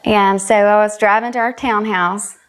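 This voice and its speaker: A woman's voice: mid-range voice, fairly even intonation, normal speed. Earnest Southern woman telling her story. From South Carolina. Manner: earnest, emotional, retells dialogue. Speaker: guest, country singer. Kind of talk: personal storytelling in conversation.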